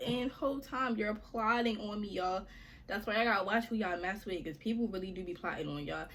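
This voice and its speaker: A woman's voice: medium pitch, fairly quick, a bit bright, slight background noise. Chatty young woman telling a story. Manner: slangy, chatty, addresses viewers as y'all. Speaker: storytime vlogger. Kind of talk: casual storytelling to viewers.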